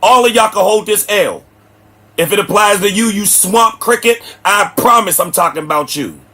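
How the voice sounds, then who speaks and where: A man's voice: high-pitched, normal speed, sharp tone. A man, hosting a livestream and preaching bluntly at his chat. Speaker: livestream host. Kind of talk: ranting livestream commentary. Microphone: streaming setup mic.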